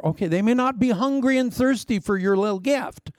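A man preaching a sermon with lively storytelling, acting out quoted voices along the way. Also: very high-pitched, fairly quick, no echo.

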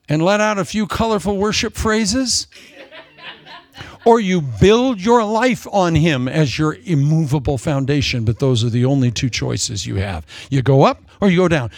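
A man preaching a sermon in a lively, jokey way, acting out quotes in different voices. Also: sits high, dry recording, studio quality. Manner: animated, jokey, acts out quotes.

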